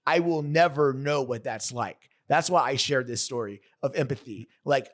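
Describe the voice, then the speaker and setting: An earnest man in his thirties tells a personal story as a podcast guest. His voice sits at an ordinary middle pitch. He talks in a halting way, breaking off and restarting his sentences as he goes. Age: 30s. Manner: earnest, halting, many restarts and self-corrections.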